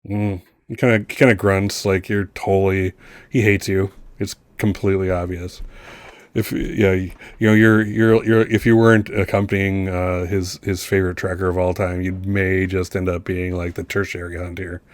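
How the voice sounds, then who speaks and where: A man with a low voice runs a tabletop game, narrating in loose, halting runs full of restarts. He sits close to a dry, dead-sounding mic. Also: level tone, dry recording. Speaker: game master.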